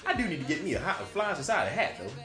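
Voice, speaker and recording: A man's voice: fairly high pitch, sing-song, racing. A man co-hosting a podcast in casual, profane chat, telling jokey stories and putting on voices for them. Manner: profane, jokey storyteller, slips into voices for anecdotes. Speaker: podcast co-host. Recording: roomy room with music underneath.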